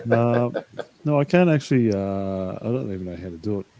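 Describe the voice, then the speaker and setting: Male podcast co-host on an online call, halting, distracted, easygoing. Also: medium pitch, big pitch swings, dark tone, slight background noise. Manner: halting, distracted, fiddling with settings. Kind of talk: casual chat.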